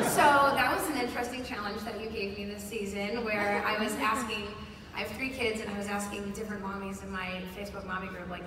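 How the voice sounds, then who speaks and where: A woman's voice: mid-range voice, quick pace, noisy background. Chatty woman telling a panel story. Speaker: voice actress on a panel. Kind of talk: panel anecdote. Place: large convention hall. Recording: echoey hall, far mic, crowd.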